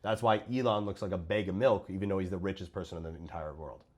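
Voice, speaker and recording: A man's voice: low voice, fairly even intonation, fast, darkish tone. A man giving blunt, profane reaction commentary on other creators' fitness videos. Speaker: host reviewing fitness coaches' videos.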